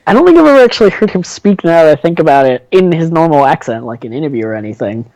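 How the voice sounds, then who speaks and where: Mellow, easygoing podcast guy. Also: on the high side, very animated, fast talker, low-quality recording. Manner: easygoing, laughs often. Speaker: podcast co-host. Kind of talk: casual chat.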